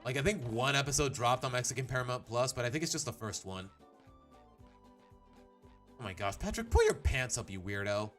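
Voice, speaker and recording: A man's voice: medium pitch, lively intonation, a little fast, pauses often, a bit bright, soft background music. A young man casually commenting while playing a game on a live stream, chatty and self-mocking.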